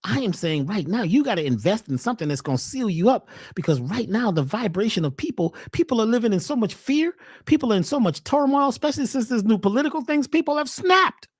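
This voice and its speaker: A husky-voiced woman talks fast with hardly any pauses, recorded clean in a studio with no echo. She's a host and wellness speaker delivering a preachy, slangy, emphatic monologue, firing off rhetorical questions with animated swings in pitch and voice.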